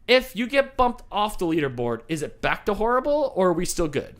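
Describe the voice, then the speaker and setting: A man's voice: high-pitched, sing-song, a bit bright. A man hosting a live trivia game show, bantering and punning with callers. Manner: jokey, teasing, quick puns.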